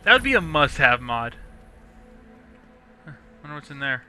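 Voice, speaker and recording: A young man casually rambling through gameplay commentary, chatty and quick to laugh. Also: fairly high pitch, sing-song, pushed and bright, faint music behind. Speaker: let's play host.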